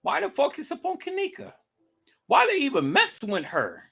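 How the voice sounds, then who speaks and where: A man's voice: very high-pitched, wildly swooping pitch, moderate pace, creaky, fairly bright tone. A man giving casual livestream commentary, emphatic and repetitive, asking rhetorical questions.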